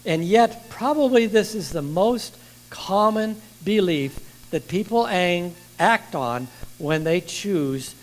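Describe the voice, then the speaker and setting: Lively older man preaching a sermon. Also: sits high, takes it slowly, soft background music, rough recording. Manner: lively, questions the congregation. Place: church.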